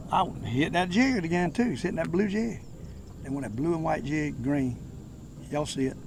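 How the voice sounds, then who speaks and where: An older man with a Southern US accent, chatting casually to the camera while fishing from a boat, folksy and prone to excited exclamations. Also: fairly high pitch. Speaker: fishing vlogger. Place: outdoors on a boat on a lake. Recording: outdoor background noise on a lake.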